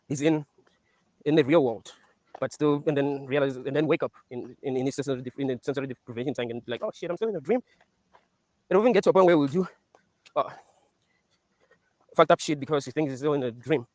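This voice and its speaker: Fast-talking, animated man, dry close sound. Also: mid-range voice, dry recording. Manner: animated, profane, laughs while recapping scenes. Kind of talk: casual rant.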